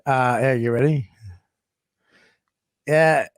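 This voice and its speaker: A man's voice: a little high, animated, normal speed, no room sound, studio quality. A man co-hosting a casual comedy podcast, loose and profane, with laughing asides. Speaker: podcast co-host.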